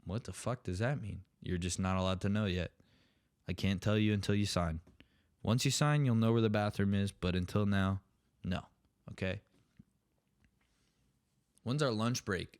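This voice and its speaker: A man's voice: fairly low pitch, moderate pace, long pauses. A young man hosting a solo comedy podcast, ranting sarcastically with plenty of swearing. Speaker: podcast host.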